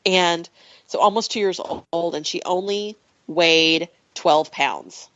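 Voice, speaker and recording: Lower-voiced woman telling a personal story. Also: slow, no echo, lo-fi sound. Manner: animated, emotional retelling with frequent laughs. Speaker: podcast guest. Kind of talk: personal storytelling in a podcast interview.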